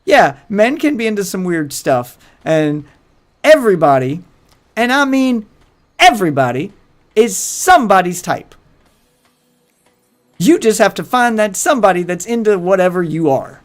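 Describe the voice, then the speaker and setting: A man's voice: sits high, very animated, a little slow, long pauses. A man hosting his livestream, telling crude rambling stories in casual chat with faint music behind him. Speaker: livestream host.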